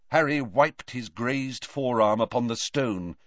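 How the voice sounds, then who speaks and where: A man's voice: medium pitch, a little slow, few pauses, fairly bright tone, dry recording, muffled recording. Man narrating a fantasy audiobook, dry sound. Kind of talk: scripted narration.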